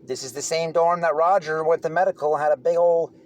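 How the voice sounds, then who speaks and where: A man's voice: fairly high pitch, steady tone, a little fast, darkish tone. Blunt, profane man telling prison stories. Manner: blunt, profane, rambling with restarts. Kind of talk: casual storytelling monologue.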